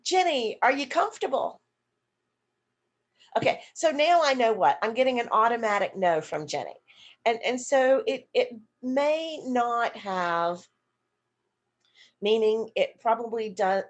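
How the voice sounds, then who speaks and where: A woman's voice: fairly high pitch, lively intonation, a little slow. A woman nurse educator teaching an online seminar, acting out example questions and answering her own questions as she explains. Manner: demonstrative, acts out example questions to a partner. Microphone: video call.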